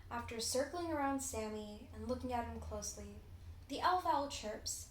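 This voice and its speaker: A teenage girl reads a children's storybook aloud, expressive and deliberate. Her voice is fairly high. The recording is roomy and echoey, with a faint hum behind it. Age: teens. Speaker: storybook reader. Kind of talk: children's read-aloud narration.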